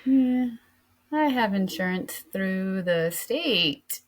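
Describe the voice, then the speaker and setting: A middle-aged woman co-hosts a casual podcast chat, rambling from one thought to the next. Her voice sits at an ordinary middle pitch, and she breaks off and restarts her sentences as she goes. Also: very slow, a bit bright. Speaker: podcast co-host.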